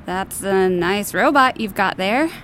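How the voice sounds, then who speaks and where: A woman voicing a nervous, evasive female demon who is a mother in an audio drama, speaking in a hesitant, halting way. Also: mid-range voice, lively intonation, a bit bright, slight background noise.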